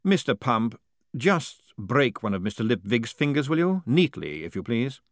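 A man voicing a dry, politely menacing male ruler who speaks in a measured way. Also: medium pitch, sing-song, dry recording, voice pushed up, lightly acted. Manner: measured, unhurried.

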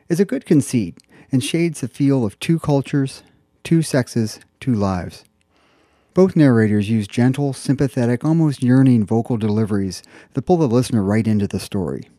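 A man's voice: medium pitch, warm tone, no room sound, studio quality. A man presenting a scripted audiobook review in an enthusiastic, polished way.

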